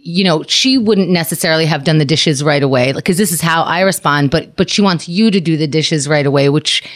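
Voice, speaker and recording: A woman's voice: low voice, a little fast. A woman hosting a casual advice podcast, chatty and acting out quoted lines. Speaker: podcast host.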